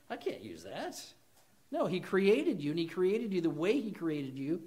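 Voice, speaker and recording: A man delivering a sermon in a high-pitched voice. He preaches with animated energy, leaning hard into emphatic lines and playing out quoted voices as he goes. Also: moderate pace. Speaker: pastor.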